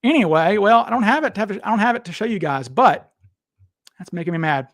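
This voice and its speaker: Man, fairly high voice, rambling livestream host, chatting to viewers, dry close sound. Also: expressive, fairly quick, a bit bright, no echo. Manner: rambling, restarts sentences, talks to viewers in chat. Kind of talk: casual livestream chat.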